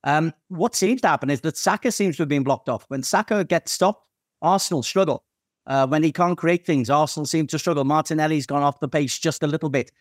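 A man analysing a football team's form as a pundit in casual studio chat, measured and detailed. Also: on the high side, no echo.

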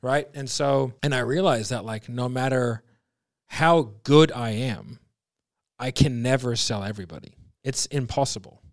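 A man's voice: mid-range voice, unhurried, no room sound, clean studio sound. A man talking sales as a podcast guest, blunt and emphatic, swearing freely and restarting his sentences often. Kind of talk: casual podcast conversation.

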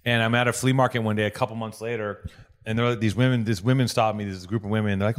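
A man's voice: medium pitch, racing. A man hosting a podcast, telling rambling, profane stories in casual chat. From Los Angeles. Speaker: podcast host.

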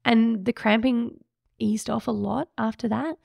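A woman shares a personal story on her podcast, her fairly high voice heavy with vocal fry. She talks candidly and reflectively, and the emotion stays close to the surface. The sound is dry and close to the mic. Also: fairly even intonation, unhurried, darkish tone, no room sound. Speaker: podcast host.

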